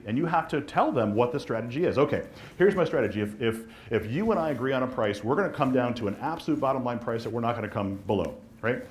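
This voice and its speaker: A man teaching a live real estate marketing class, fast and animated, acting out dialogue with clients and agents. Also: mid-range voice, a little hiss or hum.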